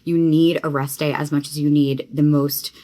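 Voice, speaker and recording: A woman's voice: low voice, flat delivery, normal speed, warm tone. A young woman from Connecticut chatting casually to her phone camera in a rambling vlog, full of "like". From Connecticut, USA. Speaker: vlogger.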